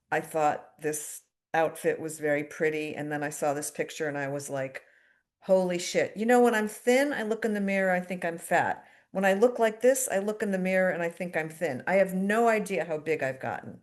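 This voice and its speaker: A middle-aged woman from the United States giving a candid, self-deprecating personal recovery share at a twelve-step meeting, with fillers and wry asides. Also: fairly low pitch.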